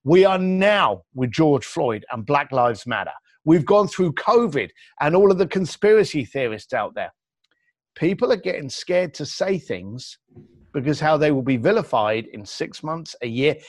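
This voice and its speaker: Lively, blunt man. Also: on the high side, measured pace, dry recording, studio quality. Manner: blunt, animated storyteller who acts out quotes. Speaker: guest. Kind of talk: podcast interview.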